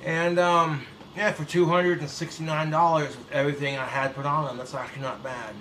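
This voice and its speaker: A man vents in blunt, profane reaction commentary, sarcastic and fired up. His voice is bright and pushed, sitting slightly high for a man. The sound bounces around a roomy space with a faint hiss underneath. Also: flat delivery, brisk. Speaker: YouTube commentator. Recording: roomy echo, set back from the mic, faint hiss.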